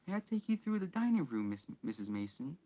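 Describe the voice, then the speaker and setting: A man voicing a spoiled, smug chubby schoolboy in a high, squeaky put-on voice with a shaky English accent. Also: very animated, fairly quick, dark tone, poor audio. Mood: simpering.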